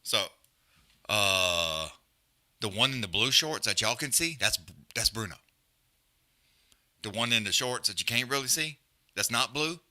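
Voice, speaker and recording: A man hosting a live stream with a very bright, forceful voice that swings all over in pitch. He talks loud and profane, trash-talking his co-hosts and calling the fight in loose casual slang. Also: expressive, unhurried, pauses often. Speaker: livestream host.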